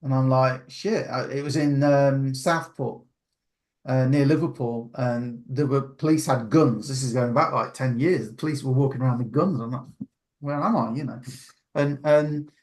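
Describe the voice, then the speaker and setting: A man's voice: medium pitch, fairly even intonation, normal speed, darkish tone. A man hosting a video call, chatting casually and rambling with many restarts. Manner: rambling, restarts often, laughs easily. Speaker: meeting host.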